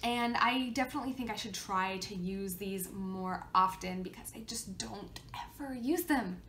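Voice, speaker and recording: A woman's voice: medium pitch, normal speed, fairly bright tone. A woman chatting casually in a beauty vlog, bubbly and talkative, often talking to herself. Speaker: beauty vlogger. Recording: roomy echo, faint background noise.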